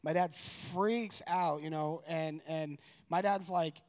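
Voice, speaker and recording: A man telling a personal story in a casual, rambling way, correcting himself and growing animated. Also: on the high side, slow. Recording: long room reverb.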